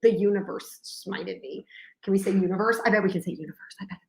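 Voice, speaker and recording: A woman's voice: mid-range voice, quick pace, creaky, a little hiss or hum. A young adult woman co-hosting a casual chat and telling stories, acting out the dialogue as she goes. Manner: chatty storyteller, acts out dialogue. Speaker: co-host. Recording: echoey room.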